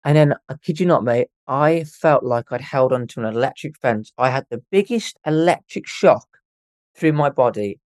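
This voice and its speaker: A young man telling a ghost story as a podcast guest, animated and swearing freely as he acts out what people said. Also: medium pitch, normal speed, dry recording. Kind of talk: casual storytelling.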